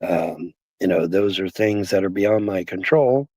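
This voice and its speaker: A man's voice: low-pitched, a little slow, darkish tone, no room sound. A man streaming casually, rambling and repeating himself with many fillers, his voice worn down by the cold. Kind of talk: casual livestream talk.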